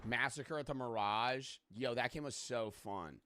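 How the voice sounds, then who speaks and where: A man's voice: mid-range voice, a little slow. A young man in casual live-stream reaction chat who rambles, jokes and swears freely.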